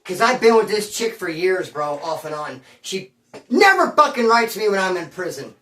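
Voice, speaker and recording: Man, streetwise slang, rambling animated storytelling, roomy echo, set back from the mic. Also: high voice, moderate pace, slight background noise. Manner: slangy, streetwise, keeps calling the listener homeboy; rambling and animated, with sound effects. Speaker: storyteller recounting his past. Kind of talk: casual spoken storytelling. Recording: roomy sound from a distance.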